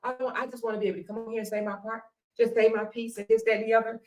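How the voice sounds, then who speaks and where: A woman's voice: fairly high pitch, flat delivery, rapid-fire, close to an everyday voice. Woman mocking a man flipping meek to raging. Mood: meek pleading. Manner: whiny soft-spoken pleading; screaming profane outbursts. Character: male panelist swinging from meek to raging.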